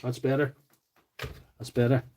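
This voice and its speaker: Heavy background noise surrounds this mid-range male voice, which stays fairly flat in pitch and moves a little slowly. He's a Northern Irishman from County Tyrone, casually joking and rambling during a tool repair livestream while answering comments from viewers.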